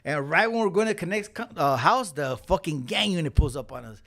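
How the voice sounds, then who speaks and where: A man tells a story in relaxed, slang-heavy talk, full of swearing. His voice sits a little high for a man and has a gravelly, fry-laced edge. When he acts out the other people in the story, he gets animated. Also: fairly quick. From Los Angeles County. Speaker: podcast guest. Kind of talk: casual storytelling.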